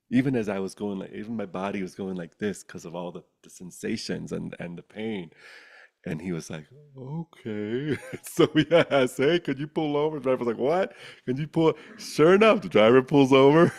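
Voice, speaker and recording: Gravelly man giving a spiritual talk. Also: lowish voice, brisk. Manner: animated storyteller, laughs often, drops to soft near-whispers. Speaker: spiritual teacher leading a satsang. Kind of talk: casual spiritual talk to a group.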